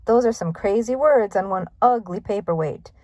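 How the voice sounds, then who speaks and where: A woman's voice: mid-range voice, moderate pace, mellow, dry recording, close to an everyday voice. A woman voicing a nervous lanky young man who panics easily.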